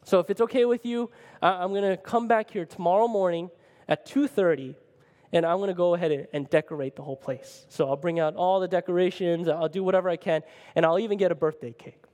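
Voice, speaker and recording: Man voicing an eager pastor, upbeat, somewhat high, long hall echo. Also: steady tone, quick pace, darkish tone, close to an everyday voice. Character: eager, friendly male pastor.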